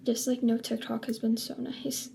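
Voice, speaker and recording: A woman's voice: fairly high pitch, flat delivery, normal speed, creaky, dark tone, a little hiss or hum. A young woman vlogging in a casual chat to camera, rambling with lots of filler words.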